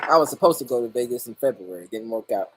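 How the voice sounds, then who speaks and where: Man with a lively, swooping voice. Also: mid-range voice, fast talker, slight background noise. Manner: loose, profane, greets viewers by name. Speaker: livestream host. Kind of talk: casual livestream chat.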